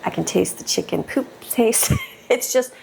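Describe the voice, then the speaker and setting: A woman's voice: fairly high pitch, a little slow, creaky, a little mellow, a little hiss or hum. A middle-aged woman chatting and rambling while cooking at home, laughing often, on a clip-on mic. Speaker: homemaker vlogger. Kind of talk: casual chat while cooking. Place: home kitchen. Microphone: clip-on mic on shirt.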